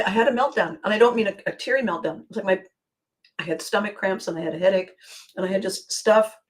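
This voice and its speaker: An older woman hosting her own podcast, talking in a rambling, emotional monologue with frequent pauses. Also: mid-range voice. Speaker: podcast host. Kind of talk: personal monologue.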